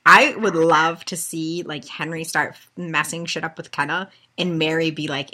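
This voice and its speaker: A woman co-hosting a podcast in casual chat, animated and giggly, acting out lines from a TV show. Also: low-pitched, normal speed, hardly any pauses. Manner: animated, giggly, acts out quotes. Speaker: podcast co-host.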